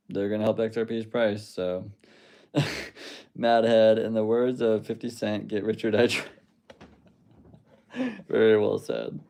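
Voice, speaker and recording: Low gravelly man chatting on a livestream. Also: dark tone. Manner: rambling, swears freely, laughs at chat comments. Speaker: livestream host reading chat. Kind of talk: casual livestream chat.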